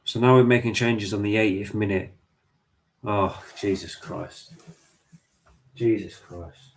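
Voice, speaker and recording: A man's voice: fairly low pitch, slow. A man watching a football match live with his viewers, talking to the players and the referee and swearing often. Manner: excitable, swears a lot, talks to the players and ref. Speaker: football fan streamer.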